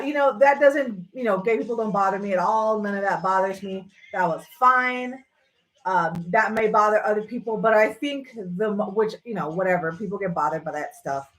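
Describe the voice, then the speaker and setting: A woman's voice: mid-range voice, poor audio. A woman hosting a livestream, ranting casually and sarcastically, swearing freely. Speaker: livestream host. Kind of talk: casual rant.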